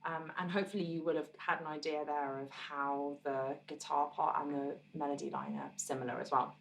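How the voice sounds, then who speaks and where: A woman musician teaching her own song on guitar, explaining parts in a relaxed, encouraging way and counting beats aloud. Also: sits low, fairly quick, gravelly, distant mic, slight background noise.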